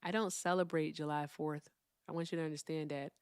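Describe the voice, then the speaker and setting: A woman hosting a live call-in stream, chatting casually and swinging between loud remarks and hushed asides. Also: low voice, fairly even intonation, brisk, clean tone, dry recording, clean studio sound. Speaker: livestream host.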